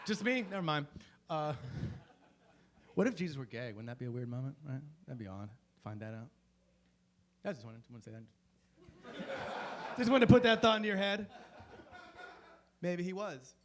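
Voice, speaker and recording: Lively, rambling male stand-up comic. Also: a little high. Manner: rambling, profane, self-interrupting. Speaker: stand-up comedian. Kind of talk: stand-up comedy set. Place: comedy club stage.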